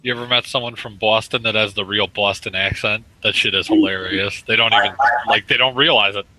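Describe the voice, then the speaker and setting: A man's voice: on the low side, fairly even intonation, brisk, pushed and bright, a little hiss or hum, poor audio. A man in a casual online voice chat, bantering bluntly and swearing. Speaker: voice chat participant.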